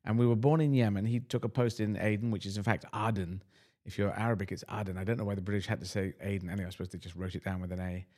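Middle-aged man, UK-raised guest, lowish voice, rambling and self-deprecating, casual interview. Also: steady tone, very fast, few pauses, warm tone. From United Kingdom.

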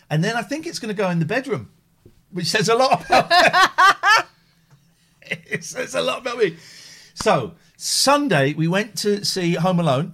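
A middle-aged man hosts a casual livestream chat. His voice sits slightly high, and he jumps all over his range as he acts out the people in his anecdotes. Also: a bit bright. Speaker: livestream host.

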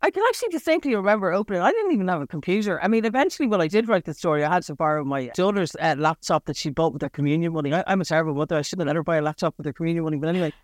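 A woman's voice: on the low side, animated, rapid-fire, few pauses. A middle-aged Irish woman speaks as an interview guest, frank and self-mocking. She stops and restarts often and scatters fillers through her talk. Her voice is recorded close and dry, with no room echo. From Northern Ireland. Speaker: writer guest.

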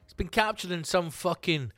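A man's voice: high-pitched, normal speed, pushed and bright, faint music behind. A man hosting a comedy podcast, reading odd news stories aloud with sweary, sarcastic asides. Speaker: podcast host. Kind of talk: comic podcast monologue.

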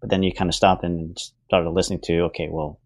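A podcast host giving steady short agreements and summing up what the guest says. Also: low voice, fast. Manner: supportive, frequent short backchannels. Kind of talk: casual interview talk.

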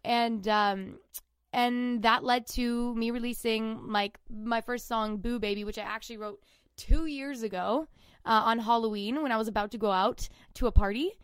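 Casting: young woman guest, rambling casual talker, a touch high, smooth and clear. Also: normal speed, no room sound, studio quality. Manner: chatty, rambling with many fillers. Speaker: singer-songwriter guest. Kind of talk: casual interview chat.

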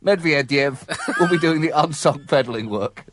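A man's voice: fairly high pitch, normal speed, noisy background. A man co-hosting a comic news podcast, delivering jokes with dry, mock-solemn seriousness and breaking into laughs. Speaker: co-host.

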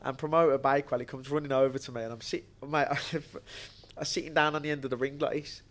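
A man's voice: medium pitch, fairly even intonation, brisk. A young man, a guest telling stories in a casual podcast chat, slangy and laughing often. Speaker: podcast guest, bare knuckle fighter.

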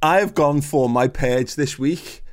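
Ranting sweary man. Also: slow. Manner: sweary ranting, swings pitch up when worked up. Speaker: podcast co-host. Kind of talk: casual chat.

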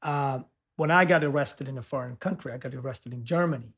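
A man's voice: mid-range voice, brisk, fairly bright tone, slightly rough. A man telling a personal story in casual conversation, rambling with frequent restarts and fillers. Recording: muffled lo-fi audio.

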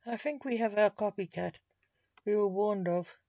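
A woman's voice: medium pitch, normal speed, warm tone, dry recording, muffled recording, close to an everyday voice. A male necromancer voiced by a woman. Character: male necromancer, a newspaper reporter.

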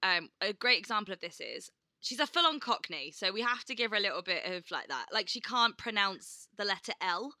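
A very bright, sharp-toned woman in her thirties, chatting as a podcast co-host. She tells family stories with lots of "like" and acts out what people said. The sound is close and dry. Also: medium pitch, lively intonation, a little fast, no echo. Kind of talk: casual chat.

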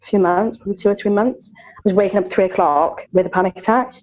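A woman's voice: mid-range voice, fast, darkish tone, highs cut off. A woman in her thirties chatting candidly as a podcast co-host, open and talkative with lots of fillers and self-mocking jokes. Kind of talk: candid casual chat.

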